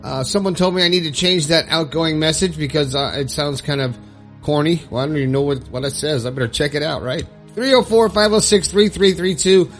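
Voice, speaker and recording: A man's voice: fairly high pitch, a little fast, soft background music. A man hosting his own podcast, talking in a chatty, upbeat, folksy way. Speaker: podcast host. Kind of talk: casual solo podcast talk.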